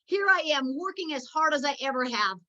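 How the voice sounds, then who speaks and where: High, bright-voiced passionate woman. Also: lively intonation, fairly quick, muffled recording. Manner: passionate, preachy, emotional. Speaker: network marketing team leader. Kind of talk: motivational meeting talk.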